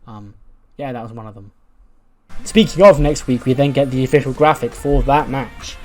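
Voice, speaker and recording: A man's voice: medium pitch, moderate pace, faint music behind. A man casually narrating a wrestling management game, recapping results in a chatty way.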